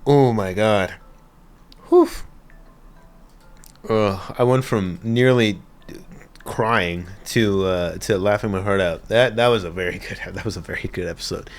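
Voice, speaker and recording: Low-voiced man swearing through a reaction. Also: measured pace, pauses often, faint music behind. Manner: swears and laughs often, rambling with fillers. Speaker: anime reaction host. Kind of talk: casual reaction commentary.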